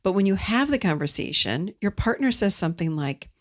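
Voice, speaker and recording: A woman's voice: medium pitch, lively intonation, a little fast, few pauses. A middle-aged woman hosting an advice talk on relationships, speaking emphatically and repeating key words for stress. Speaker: podcast host.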